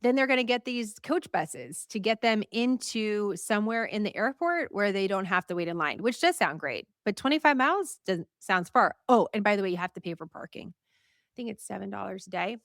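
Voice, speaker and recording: A woman hosting a news show, talking casually to a live audience in a chatty, animated way, laughing and asking viewers what they think. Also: medium pitch, moderate pace, no echo, clean studio sound.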